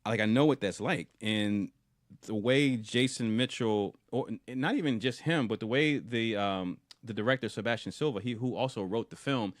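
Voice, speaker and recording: A male podcast co-host retells a film scene during a casual review chat, animated and frequently restarting and repeating words. His voice sits on the low side at a normal speed. The audio is studio quality with no echo.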